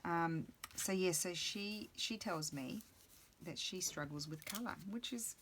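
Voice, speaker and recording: A woman's voice: lowish voice, measured pace, a bit bright, a little hiss or hum. A middle-aged woman chatting casually and rambling to herself while she crafts at her table. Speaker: crafting video host.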